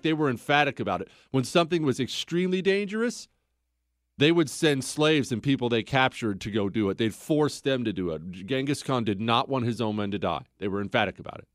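A man hosting a history podcast in a casual, conversational storytelling style. He keeps pulling the listener in with rhetorical questions. His voice sits at an ordinary pitch and sounds dry and close. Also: no room sound. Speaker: podcast host.

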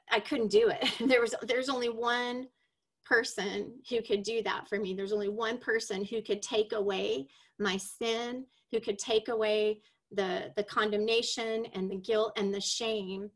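A woman's voice: a little high, a bit bright. A woman hosting a podcast, telling her faith story in an earnest, confessional way. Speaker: podcast host. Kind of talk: personal faith testimony podcast.

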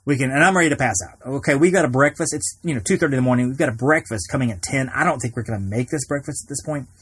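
A man's voice: mid-range voice, rapid-fire, fairly bright tone, husky. A man hosting a podcast, telling a long personal story in a casual, rambling way with many restarts. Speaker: podcast host.

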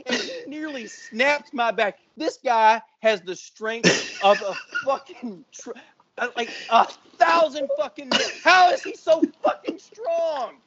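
A man in his forties, a podcast co-host, telling a profane story with lots of swearing and loud sound effects. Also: extremely high pitch, lively intonation, slow pace, muffled recording. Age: 40s.

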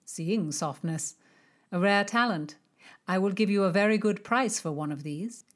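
A woman's voice: mid-range voice, measured pace, lightly acted. A woman doing a teasing young nobleman. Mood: wry, teasing.

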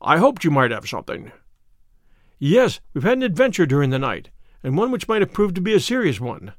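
A man reading the part of a shaken young gentleman recounting a night attack in an audiobook. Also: fairly high pitch, sing-song, brisk, dry recording, studio quality. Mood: anxious.

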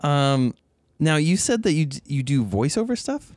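A man's voice: fairly high pitch, very animated, normal speed, darkish tone, no echo, clean studio sound. A man hosting a podcast, chatting casually with crude, teasing banter. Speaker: podcast host.

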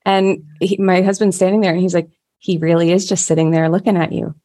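Heartfelt storytelling woman with lower voice. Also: level tone, fairly quick, dark tone. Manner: heartfelt, storytelling with frequent restarts. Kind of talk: casual conversation.

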